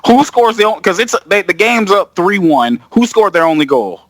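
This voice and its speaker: A man co-hosting a podcast in casual chat, profane and animated, acting out movie scenes as he talks. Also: sits high, normal speed, dry recording, clean studio sound. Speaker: podcast co-host.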